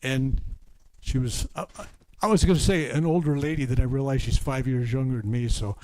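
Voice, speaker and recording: A man's voice: medium pitch, fairly even intonation, a little fast, rough recording. Older man rambling through healing stories. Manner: rambling storyteller, stumbling restarts, drops to a hushed murmur for healing prompts. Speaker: faith healer reverend. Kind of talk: healing service with anecdotes. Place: church healing service.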